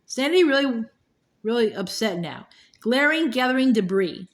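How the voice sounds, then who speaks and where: Woman reading a book aloud, slightly high. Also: animated, moderate pace. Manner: unpolished reading with sighs and small stumbles. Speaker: reader.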